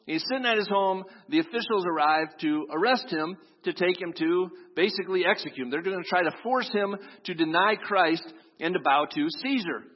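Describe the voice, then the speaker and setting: A pastor delivers a sermon in a high-pitched male voice at a moderate pace, telling a story and performing the voices of its characters. The recording comes from an echoey hall and has a dull, lo-fi quality.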